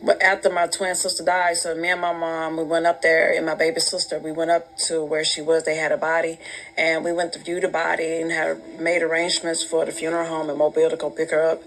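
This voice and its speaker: A woman telling a personal story casually, animated and emotional, laughing through it. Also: sits low, brisk, low-quality recording. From Alabama, US.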